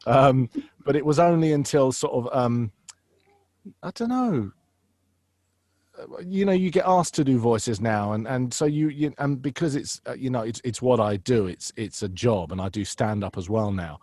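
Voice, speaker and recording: A man's voice: medium pitch, moderate pace, dry recording. A man who works as a voice actor and impressionist, chatting animatedly in an interview and slipping into voices. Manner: animated, drops into voices mid-sentence; many fillers and restarts. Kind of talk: casual interview.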